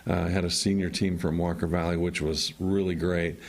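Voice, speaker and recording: Low-voiced teacher, man, steady and explanatory, radio guest. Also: normal speed, creaky. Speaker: teacher and coach.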